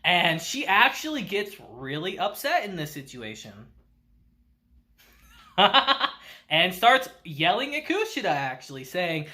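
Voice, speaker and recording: Animated, chatty male anime reviewer. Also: sits high, slow pace. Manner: animated, chatty, laughs often. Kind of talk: casual episode recap.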